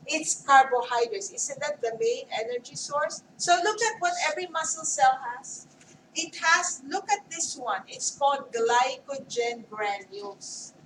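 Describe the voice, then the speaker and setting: A woman teaching an anatomy class, her voice pitched high and often rising into "okay?" checks as she quizzes students. She sounds set back from the microphone in an echoey classroom. A faint hum of the room sits under her. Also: a bit bright. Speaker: anatomy lecturer. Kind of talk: classroom lecture. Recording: roomy classroom mic from far off.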